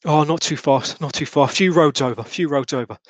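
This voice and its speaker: A man's voice: on the high side, fast, no room sound, lightly acted. A man putting on a stammering street witness. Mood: nervous. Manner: stammering, breathless, fretful. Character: jittery startled male Victorian street witness.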